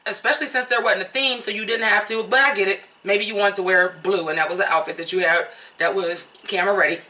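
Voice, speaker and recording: Casual American commentator, blunt and swearing, bright tone, slightly off-mic. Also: mid-range voice, steady tone, fast talker, recorded from a distance, rough recording. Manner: candid, chatty, blunt, swears freely. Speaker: vlogger reviewing a reality show.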